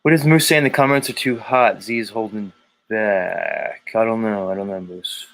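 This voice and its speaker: A man's voice: lowish voice, moderate pace, a bit bright. A man hosting a livestream, chatting casually and crudely as he greets viewers and reads their comments. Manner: crude, joking, rambling. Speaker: livestream host.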